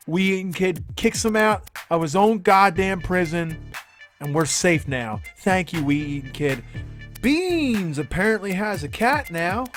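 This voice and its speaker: A man's voice: high-pitched, animated, unhurried, fairly bright tone, faint music behind. A man hosting a comedic news show, delivering crude jokes in a sarcastic, mock-serious way. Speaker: host.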